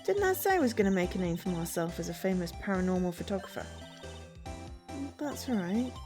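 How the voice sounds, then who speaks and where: A woman voicing a brash, loud woman photographer in a put-on South London accent, reading game dialogue aloud with voices. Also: on the low side, animated, fairly quick, music in the background, lightly acted. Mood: brassy, pushy.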